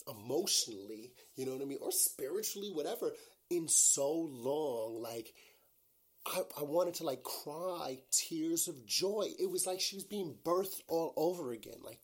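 A man hosting his own podcast, talking in a casual, rambling monologue full of "like" and "you know" and turning openly emotional. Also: on the high side. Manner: gushing and emotional. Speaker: podcast host.

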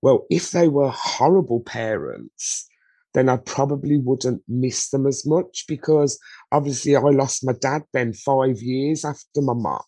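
A woman's voice: very deep voice, measured pace, dark tone, husky, no echo. A woman, a guest in an interview, talking candidly and emotionally, bluntly, with frequent rhetorical questions.

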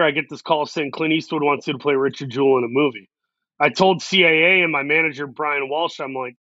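A male actor being interviewed, telling a story in an animated way and acting out the quotes. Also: on the high side, dry recording. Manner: animated, acts out quotes in quick voices. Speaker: actor guest. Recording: dull lo-fi sound.

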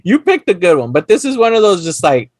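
High-voiced Chicano man, lively and laughing. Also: fast talker, no echo. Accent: Chicano English. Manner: laughs often, swears casually, acts out movie lines. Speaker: podcast co-host. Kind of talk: casual chat.

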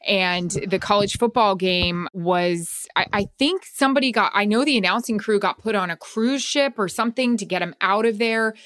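A woman in her forties, a sports producer co-hosting a casual chat, talking in a chatty, reactive way with quick asides. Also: mid-range voice, fairly bright tone. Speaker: sports producer and podcast co-host.

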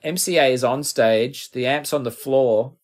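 A man's voice: mid-range voice, unhurried. A middle-aged man with an Australian accent, a guest musician telling rambling, self-deprecating stories in a casual interview.

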